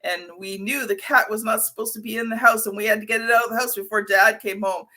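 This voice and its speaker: A woman's voice: on the high side, steady tone, quick pace, sharp tone. A middle-aged woman hosting a podcast interview, chatty and anecdotal with many fillers. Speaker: podcast host. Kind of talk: conversational interview.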